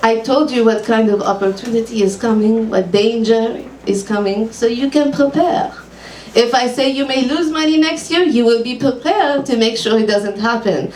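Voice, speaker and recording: A woman's voice: a little high, normal speed, a little mellow, lightly acted. A woman voicing a brusque older female psychic with a put-on Hebrew accent and clipped broken grammar. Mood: stern. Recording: echoey room, far mic, faint hum.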